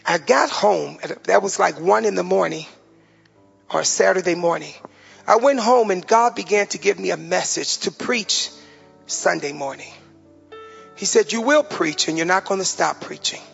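An older pastor preaches with a high, gravelly voice, his words breathy and rough at the edges. He slows and softens on the heavy moments, and the sound is dull and carries a long hall reverb, with faint music behind. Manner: preaching with emotional pauses, dropping soft on heavy moments. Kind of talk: sermon.

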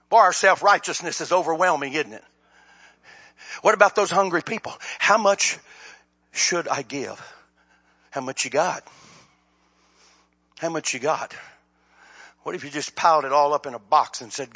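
A man preaching a sermon, swinging from shouted appeals to low, quiet asides. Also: lively intonation, moderate pace, pauses often, breathy edge, dull audio. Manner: impassioned, rises to shouts then drops low.

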